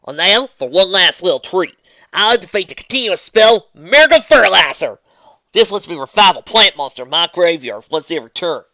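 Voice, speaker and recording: Reader doing brash young Southern cowgirl, taunting, loud, bright, lively, dull dry lo-fi sound. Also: medium pitch, fairly quick, no echo, pitched above the performer's own voice. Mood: mocking. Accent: put-on American Southern.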